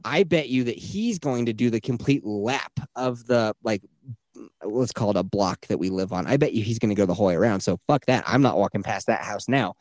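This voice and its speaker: A man hosting a podcast, telling a story in casual chat, animated and heavy on profanity. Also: fairly low pitch, fairly quick, no echo, studio quality. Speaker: podcast host.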